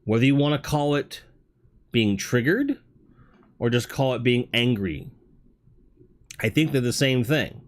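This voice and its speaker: A man hosting a livestream talk show, speaking candidly in a rambling way and swearing casually. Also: mid-range voice. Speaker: host.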